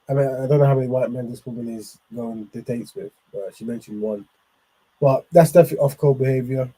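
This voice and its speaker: A man's voice: medium pitch, breathy edge, low-quality recording. A man hosting, commenting on clips in a loose, rambling way with lots of fillers. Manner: loose, rambling, with many fillers and shout-outs. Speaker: host.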